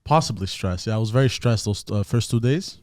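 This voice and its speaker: A man's voice: on the low side, brisk, darkish tone, no room sound. A man who produces a podcast, defending himself in a hesitant, half-laughing way in casual chat.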